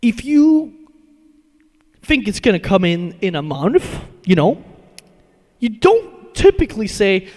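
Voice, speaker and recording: A man with a high-pitched voice rambles casually to his stream, swearing freely and laughing between thoughts. His voice carries a long, ringing reverb. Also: big pitch swings, takes it slowly, long pauses, a little mellow. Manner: rambling, profane, laughs often. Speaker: metal music streamer.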